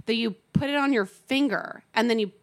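A woman's voice: on the high side, a little fast. Frank, casual woman podcast host. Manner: frank, casual, swears freely.

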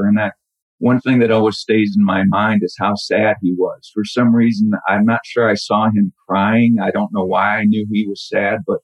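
A middle-aged man telling a personal story in a halting, reflective way with many restarts. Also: fairly low pitch, husky, no echo. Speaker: caller telling a true story. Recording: dull lo-fi audio.

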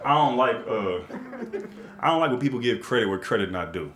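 A man in his thirties doing a stand-up comedy set, telling stories in a loose, conversational way with big animated swings. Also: mid-range voice, fairly quick. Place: comedy club stage with live audience. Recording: live set with loud crowd laughter.

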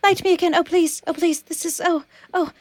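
A woman's voice: very high-pitched, steady tone, a little fast, dry recording, pitched above the performer's own voice. A woman voicing a frail candle about to burn out, fretful and stammering as she pleads. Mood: pleading.

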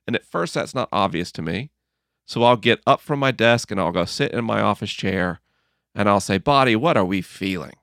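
A man being interviewed about his book, telling stories in an earnest, gently humorous way and acting out his own inner dialogue. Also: lowish voice, expressive, moderate pace, dry recording, studio quality. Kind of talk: reflective conversational storytelling.

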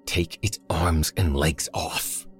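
A man's voice: very deep voice, steady tone, slow, faint music behind. A male narrator voicing a hardened, injured man who talks bluntly and gives orders. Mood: snarling. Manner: blunt, commanding, snarling. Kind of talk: audiobook character voice.

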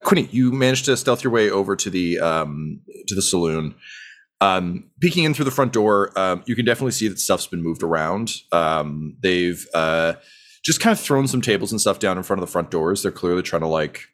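A man's voice: low-pitched, expressive, moderate pace. A man narrating a tabletop game as game master, loose and rambling with lots of fillers.

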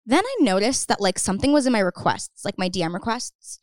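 Fast-talking young woman telling a story. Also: medium pitch, expressive, dry recording, clean studio sound. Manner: fast, lots of "like", acts out quotes. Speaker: guest. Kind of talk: casual storytelling chat.

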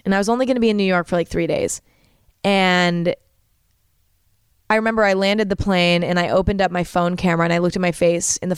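A woman's voice: mid-range voice, clean tone, no room sound, studio quality. A woman in her twenties, a content creator, telling a personal story to camera in a candid, emotional way with casual swearing.

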